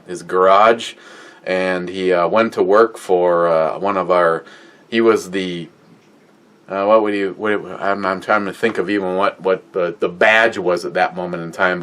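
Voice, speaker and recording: Guy from minnesota rambling through a story, lots of uh's, swears a bit, lowish voice. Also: clean tone. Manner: rambling, many filler words and restarts, swears casually. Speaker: podcast co-host. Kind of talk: casual storytelling.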